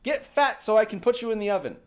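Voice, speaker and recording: A man voicing an old, half-blind witch who eats children, in a shrill, wheedling and bossy voice. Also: big pitch swings, fast. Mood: greedy.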